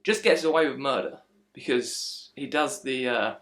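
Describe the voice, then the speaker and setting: Man, casual film critique, animated and mocking, mid-pitched voice. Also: moderate pace. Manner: animated, frustrated, mocking impressions. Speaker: film reviewer.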